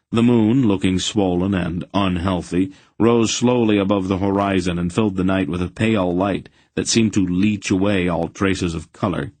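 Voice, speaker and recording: Male audiobook narrator, very low voice, slightly husky, steady reading. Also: no room sound. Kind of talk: scripted narration.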